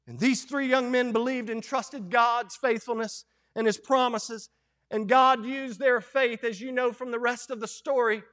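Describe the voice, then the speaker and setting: A man preaching a fervent Baptist sermon, moving between hushed lines and loud, fiery ones. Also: very high voice. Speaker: Baptist pastor.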